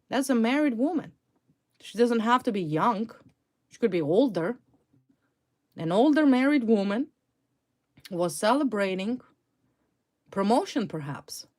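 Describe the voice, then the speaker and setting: A woman reading tarot cards for viewers, talking emphatically and indignantly and repeating her key words. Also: mid-range voice. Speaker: tarot reader.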